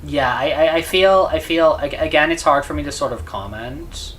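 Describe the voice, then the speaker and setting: A man's voice: fairly high pitch, moderate pace, a bit bright, slight background noise. A man chatting casually to viewers on a live stream, rambling and stammering with lots of repeated words. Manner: chats with viewers between game moments.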